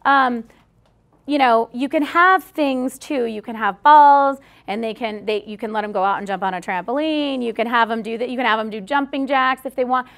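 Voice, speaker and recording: A woman's voice: on the high side, moderate pace, a bit bright. A woman giving a live talk to an audience, speaking directly and chattily and often checking in with "okay?". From Australia. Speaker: speaker at a workshop.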